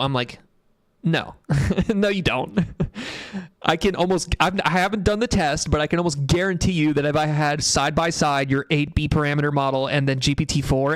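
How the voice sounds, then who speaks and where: A man's voice: a little high, dry recording, clean studio sound. Blunt, rambling male tech streamer. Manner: rambling, blunt and profane, reads chat aloud. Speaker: livestream host. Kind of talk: casual tech livestream commentary.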